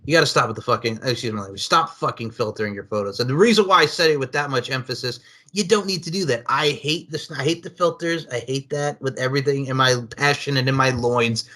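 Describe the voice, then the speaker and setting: Fast-talking swearing man hosting. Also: medium pitch, sharp tone. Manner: emphatic, swears casually. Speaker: podcast host. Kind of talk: casual interview.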